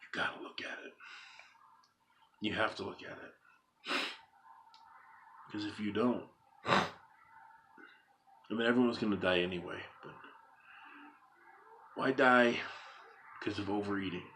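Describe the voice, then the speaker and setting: A man's voice: lowish voice, unhurried, long pauses, a bit bright, a little hiss or hum. A man speaking earnestly straight to his viewers, emphatic and repetitive, driving his point home with rhetorical questions. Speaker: vlogger. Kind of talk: earnest monologue to camera.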